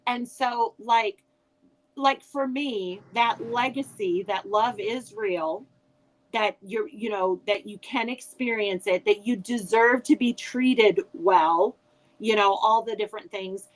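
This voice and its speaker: A woman's voice: mid-range voice, slow pace, poor audio. Chatty older woman telling family stories. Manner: chatty storyteller with frequent restarts. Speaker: guest author. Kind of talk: casual chat.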